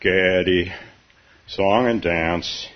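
A man voicing Eeyore, a gloomy old male donkey, in a slow, doleful storybook reading. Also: deep voice, pitched below the performer's own voice. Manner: drawn-out, doleful delivery. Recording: dull, slightly hissy recording.

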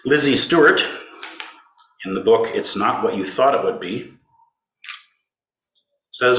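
Man, Zen teacher, gentle playful dharma talk, frequent laughter, medium pitch, roomy hall sound. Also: lively intonation, slow pace, pauses often.

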